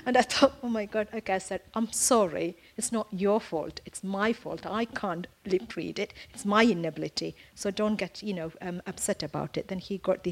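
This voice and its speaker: A woman telling a personal testimony to a prayer group, earnest and halting, with many fillers and restarts. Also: mid-range voice, gravelly. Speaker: church member giving testimony.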